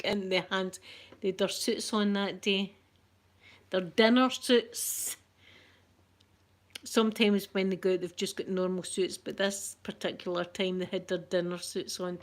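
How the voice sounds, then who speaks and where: A middle-aged Scottish woman hosting a soft-spoken ASMR vlog, chatty and rambling, with local words like wee and yous. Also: medium pitch. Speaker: ASMR channel host.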